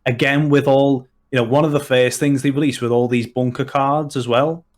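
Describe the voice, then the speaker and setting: A man's voice: medium pitch, fairly even intonation, normal speed. A man from Liverpool with a Liverpool accent, a guest chatting at length on a podcast, with many restarts and fillers. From Liverpool, England. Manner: long-winded, full of restarts and fillers. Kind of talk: casual podcast chat.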